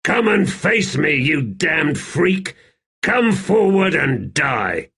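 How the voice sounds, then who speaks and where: A man's voice: rumbling low, animated, slow, a bit bright, breathy edge, voice pushed down, heavily acted. A man voicing a grim, defiant veteran swordsman captain in an audiobook. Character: hard-bitten veteran male swordsman captain.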